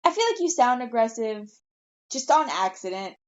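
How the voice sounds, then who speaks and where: A woman's voice: a little high, animated, normal speed, crowd noise. Casual woman running a tabletop game. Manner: casual, filler-heavy narration. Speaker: game master. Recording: dull lo-fi mic.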